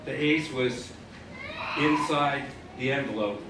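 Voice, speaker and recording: A man's voice: mid-range voice, slow pace. A man performing as a stage magician, telling a story full of wry puns to a live audience. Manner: punning, wry storyteller who plays to the audience. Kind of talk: comic storytelling patter during a magic act. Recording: echoey live theater, distant mic, audience noise.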